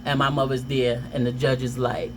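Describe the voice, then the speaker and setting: A woman vlogger telling a personal story in a casual, animated way, with dramatic outbursts. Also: extremely low pitch, normal speed, noisy background.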